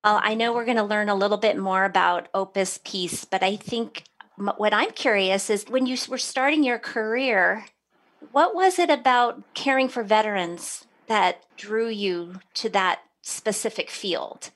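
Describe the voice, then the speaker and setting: A woman's voice: mid-range voice, measured pace, fairly bright tone. A woman co-hosting a podcast, chatty and bubbly, laughing easily. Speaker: podcast co-host. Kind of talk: casual chat.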